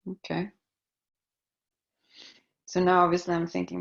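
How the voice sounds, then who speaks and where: Slow, gravelly woman on muffled audio. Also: deep voice, flat delivery, a little mellow. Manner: hesitant and thoughtful, searching for words with fillers. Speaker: coaching client. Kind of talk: coaching conversation.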